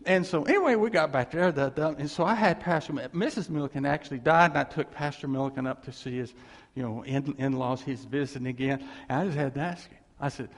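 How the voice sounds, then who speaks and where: A man preaching in a storytelling sermon style, animated and laughing as he acts out what others said to him. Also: on the high side, fast talker. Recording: long hall reverb.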